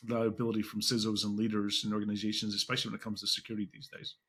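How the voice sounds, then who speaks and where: A man hosting a podcast interview, talking in quick, halting bursts with frequent restarts. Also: lowish voice, monotone, fairly bright tone, husky. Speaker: podcast host.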